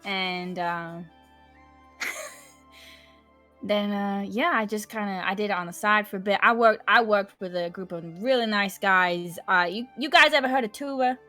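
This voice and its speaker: A woman's voice: medium pitch, measured pace, soft background music. A woman in character at a tabletop game, rambling with many fillers and giggles. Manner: rambling, giggly, bright and lively. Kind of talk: in-character role-play chat.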